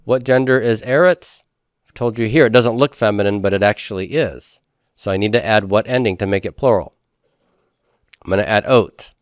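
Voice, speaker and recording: A man's voice: on the low side, normal speed, no echo, studio quality. A man teaching a lecture, explaining step by step and asking and answering his own questions. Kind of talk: classroom lecture.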